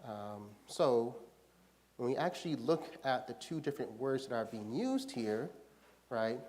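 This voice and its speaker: A man's voice: mid-range voice, darkish tone. A man leading a church Bible study, teaching conversationally and often checking in with the group by asking "right?".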